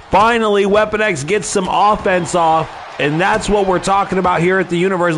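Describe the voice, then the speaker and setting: A man giving excited play-by-play commentary on a wrestling video game, often shouting exclamations. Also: sits high, a little hiss or hum.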